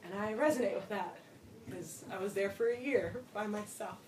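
A woman preaching a sermon in a reflective, personal way, with soft laughs along the way. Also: mid-range voice, moderate pace, a little hiss or hum. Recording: roomy sound from a distant mic, faint ambience.

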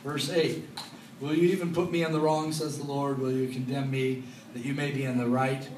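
A man preaching a Bible study sermon to a congregation, talking in a lively, joking way. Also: medium pitch, normal speed, a little hiss or hum. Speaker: pastor. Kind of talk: expository Bible teaching. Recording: echoey room, mic at a distance.

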